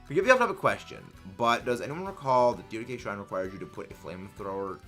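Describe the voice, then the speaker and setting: An excitable young man hosts a livestream at his desk mic, rambling cheerfully and answering chat. His voice is bright and forward. Faint music plays behind him. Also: on the low side, quick pace. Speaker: livestream host. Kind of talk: casual livestream chat, reading chat messages.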